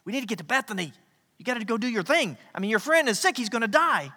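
A man voicing hesitant male disciples urging their master to go, clearing his throat and stammering. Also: extremely high pitch, sing-song, fast talker, bright, forceful tone, voice pushed up, full character voice. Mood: urgent. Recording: echoey hall reverb.

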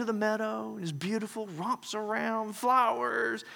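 A man preaching a sermon as pastor, animated, acting out scenes and quotes as he goes. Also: high-pitched, normal speed, vocal fry. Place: large hall with long reverb. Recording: reverberant church hall.

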